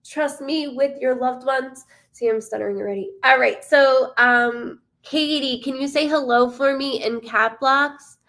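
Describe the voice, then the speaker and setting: Hosting a live stream as a psychic medium, a woman talks casually, calls out viewers by name, and curses without restraint. Her voice is high and a bit bright, and she speaks a little slowly with few pauses.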